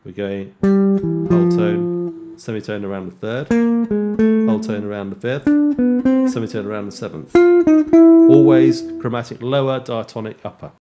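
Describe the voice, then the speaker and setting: A man teaching jazz guitar in a relaxed way, counting beats aloud and scatting rhythms. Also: lowish voice, normal speed, pauses often. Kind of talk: casual instructional talk with counting and scatting. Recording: guitar playing underneath speech. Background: loud guitar music.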